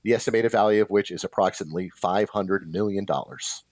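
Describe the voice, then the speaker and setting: Low-voiced male quizmaster, dry close mic, reads questions then rambles on with extra facts. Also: fast talker, darkish tone, no echo. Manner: chatty, adds background facts after answers. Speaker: trivia quiz host. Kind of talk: reading trivia questions, casual chat.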